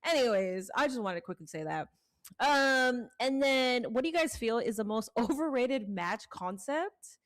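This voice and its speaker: A woman co-hosting a podcast in casual chat, animated and profane as she rants and reads out listener questions. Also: on the high side, normal speed. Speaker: podcast co-host.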